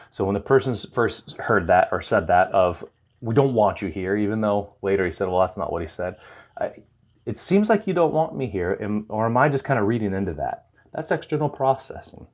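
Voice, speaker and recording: A man talking to camera with advice, retelling a conversation and acting out the lines. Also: fairly low pitch. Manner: animated storyteller, acts out dialogue. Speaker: recovery counselor.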